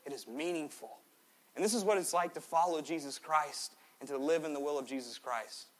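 A man in his twenties preaching a sermon in a church, swinging between loud exhortation and quiet, joking asides. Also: a little high, brisk. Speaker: pastor. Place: church sanctuary.

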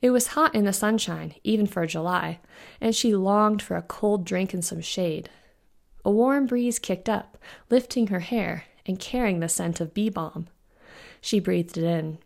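A woman, the author, reading her own fantasy novella aloud in an even, unhurried storytelling manner. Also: medium pitch, creaky. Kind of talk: audiobook-style fiction narration.

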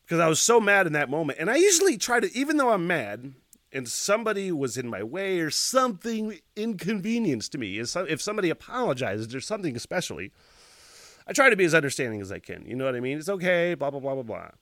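A male podcast host tells a rambling, profanity-laced story, laughing mid-sentence and acting out the noises himself. His voice sits a touch high and swings widely in pitch. The sound is dry and close, with no room around it. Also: sing-song, fast, a bit bright, no echo. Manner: laughs while talking.

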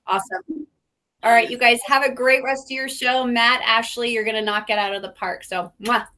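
A woman's voice: on the high side, fairly even intonation, normal speed, pushed and bright. Chirpy woman checking in. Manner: chirpy, upbeat, trailing fillers. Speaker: regular host, checking in. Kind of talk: casual chat on a call.

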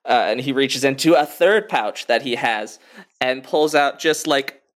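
A man narrating a tabletop game as game master in a relaxed, hesitant way. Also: mid-range voice, a little slow.

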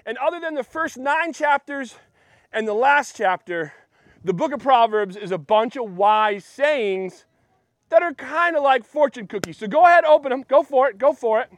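A pastor with a very high voice gives a relaxed, joking sermon and chats with his congregation. The sound is dry and close, with no room echo. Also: normal speed. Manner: chatty, joking, talks to the congregation. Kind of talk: casual sermon. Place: church.

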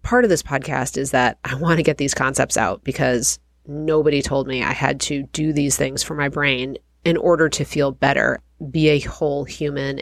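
A woman's voice: extremely low pitch, vocal fry, no room sound, clean studio sound. A woman in her forties hosting a podcast, chatting candidly and reflectively in a casual storytelling way, her voice nasal as she gets over an illness. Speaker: podcast host.

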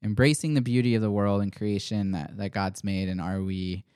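Low-voiced male podcast host, thinking aloud. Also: steady tone, normal speed, darkish tone, clear, resonant tone, dry recording, studio quality. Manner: thoughtful, rambling, many fillers and restarts. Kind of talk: casual chat.

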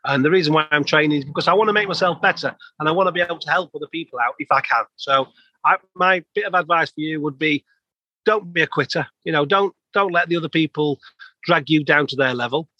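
A chatty plumber in his fifties, guesting on an interview and telling his stories in a loose, rambling way. His voice is husky and sits a bit high for a man. The sound is dry and close. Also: quick pace, sharp tone, dry recording, muffled recording. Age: 50s. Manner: chatty, rambling anecdotes with laughs. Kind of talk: casual storytelling.

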